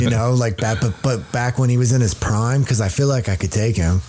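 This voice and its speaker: A man's voice: mid-range voice, brisk, mellow, a little hiss or hum. A man in his thirties in candid casual conversation, blunt and heavily profane, often restarting his sentences.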